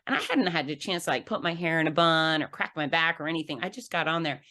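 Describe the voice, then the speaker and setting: A woman with a deep, low-pitched voice speaks as a podcast guest. She tells her story vividly, acting out the scenes and laughing at herself along the way. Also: fast. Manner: animated storyteller who acts out scenes with laughs. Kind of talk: conversational storytelling.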